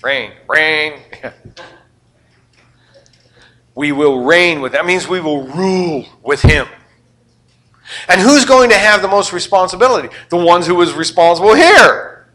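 An older man delivers a sermon with a bright, forceful voice pitched a little high. He peppers the congregation with questions, then drops to near-whispered asides before building back up. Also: a little slow, pauses often. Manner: animated, questioning the congregation, swings from loud to quiet. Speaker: pastor.

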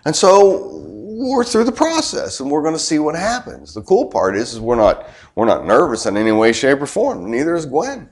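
A middle-aged man delivers a sermon in a relaxed, chatty way. His voice sits a little high and swoops widely as he throws rhetorical questions at his listeners. He breaks things up with quick joking asides. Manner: conversational preaching with rhetorical questions to the congregation. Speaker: pastor.

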